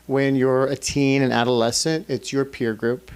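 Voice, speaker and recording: A man's voice: medium pitch, level tone, moderate pace, smooth. A man co-hosting a casual motivational chat, talking to viewers in an upbeat coaching tone. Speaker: co-host. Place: San Diego.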